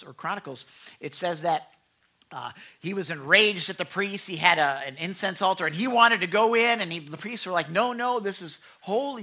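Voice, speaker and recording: A man preaching a sermon, animated and talking back and forth with his congregation, acting out quotes. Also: on the high side. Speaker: pastor.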